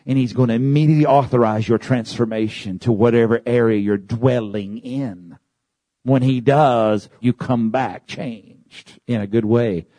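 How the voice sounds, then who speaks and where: Guy preaching a sermon, kinda husky, mid pitch. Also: unhurried, dry recording. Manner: builds from calm to loud, high-pitched shouting.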